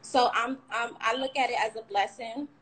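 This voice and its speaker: A woman's voice: fairly high pitch, steady tone, normal speed, a bit bright, slight background noise, rough recording. A young woman telling a candid, rambling personal account of a frightening ordeal on a livestream, cursing now and then. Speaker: shooting survivor sharing her story.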